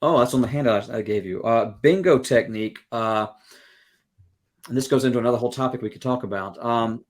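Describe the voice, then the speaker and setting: Man, podcast guest, mid-pitched, earnest explainer who leans on analogies. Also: brisk. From Southern United States. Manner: acts out quoted exchanges. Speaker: guest music educator. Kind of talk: podcast interview.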